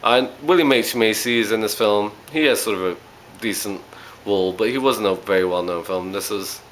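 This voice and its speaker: A man's voice: fairly low pitch, moderate pace, a bit bright, a little hiss or hum, rough recording. A man giving a casual spoken movie review, rambling along with frequent ums and uhs.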